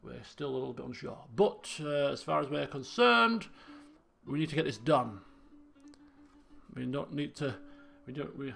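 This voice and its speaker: A man's voice: medium pitch, lively intonation, moderate pace, vocal fry, a bit bright. A man commentating a game he plays, chatty and rambling with self-mocking jokes. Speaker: gaming video host. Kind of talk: let's play commentary.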